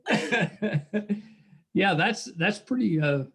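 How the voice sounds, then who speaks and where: A man's voice: high voice, lively intonation, a little slow, background noise. A middle-aged man with a West Virginia accent hosting a podcast, rambling and self-deprecating, chuckling often. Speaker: podcast host. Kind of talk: casual interview chat.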